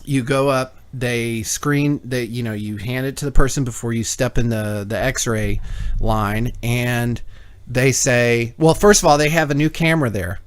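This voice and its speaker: A man's voice: medium pitch, measured pace, clear, resonant tone. A man co-hosting a call-in talk show, telling a long story in casual chat, swearing and acting out both sides of conversations. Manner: rambling storyteller, swears, acts out dialogue.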